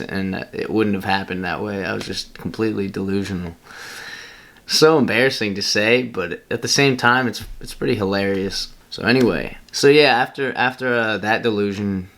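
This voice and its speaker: Young male vlogger, deep voice, casual rambling storyteller who laughs at himself. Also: normal speed, creaky, fairly bright tone. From Pennsylvania.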